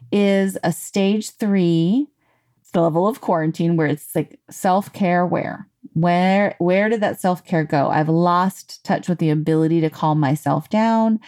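A woman giving a casual motivational talk in a lively, conversational way, full of "you know" and "like". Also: fairly low pitch. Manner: animated, conversational, acts out quotes; frequent fillers like "you know" and "like". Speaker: self-help speaker.

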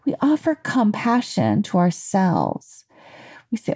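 A woman giving a casual motivational talk in a lively, conversational way, full of "you know" and "like". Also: medium pitch, measured pace, husky. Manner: animated, conversational, acts out quotes; frequent fillers like "you know" and "like". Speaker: self-help speaker.

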